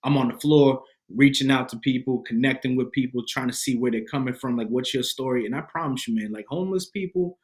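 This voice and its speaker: Give me an animated young man with a medium-pitched voice telling a personal story with lots of slang. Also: fairly quick, hardly any pauses. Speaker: podcast guest, motivational speaker.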